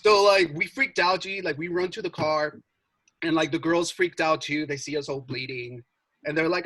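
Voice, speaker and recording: A young man telling a story in casual chat, animated, swearing and full of filler words. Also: fairly high pitch, moderate pace, low-quality recording. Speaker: podcast co-host.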